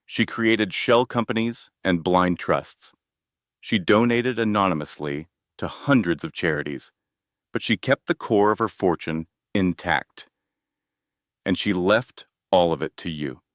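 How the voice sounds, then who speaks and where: Man voicing a calm, formal estate attorney. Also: low-pitched, dry recording, studio quality. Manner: measured, formal and gentle.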